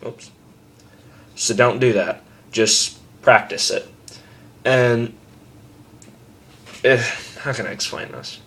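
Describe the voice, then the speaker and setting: A man's voice: medium pitch, slow, pauses often, a bit bright. A young man giving a casual screaming tutorial at home, rambling and cursing freely, joking at his own expense. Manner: rambling, profane, self-deprecating.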